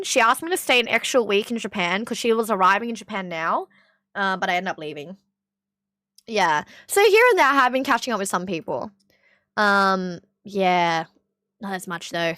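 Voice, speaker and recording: A woman's voice: mid-range voice, pushed and bright, no echo, clean studio sound. A young Australian woman streamer chatting casually and reacting to clips, rambling and laughing often. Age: young adult.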